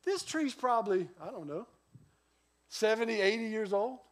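Pastor, man in his forties, fairly high voice, animated storytelling sermon. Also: normal speed. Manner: lively storytelling, voice rising and dropping sharply.

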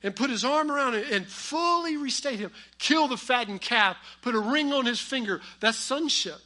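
A man preaches a sermon and weaves family stories into it with humor. His voice sits high and bright. He pushes hard on key lines, then drops to quiet asides. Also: animated, moderate pace. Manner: storytelling with humor, swings between loud emphasis and quiet asides. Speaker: pastor.

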